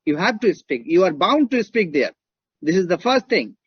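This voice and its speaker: Indian guy teaching a class, kinda husky, keeps asking right?, muffled dry recording. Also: high-pitched, sing-song, normal speed, dry recording. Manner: emphatic, repeats points and checks in with "right?". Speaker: lecturer. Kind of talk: classroom lecture.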